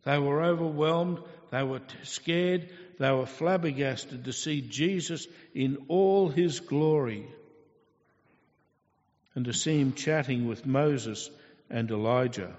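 Slow, earnest male preacher in a hall. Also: mid-range voice, a little mellow. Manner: earnest, storytelling, with rhetorical questions. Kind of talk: sermon. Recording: echoey hall, dull lo-fi sound.

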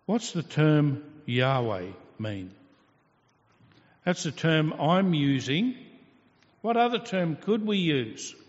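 A man preaches a sermon at an unhurried, deliberate pace, his voice sitting a little high for a man. He teaches patiently and poses rhetorical questions. The recording is dull and carries a long hall reverb. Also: very animated.

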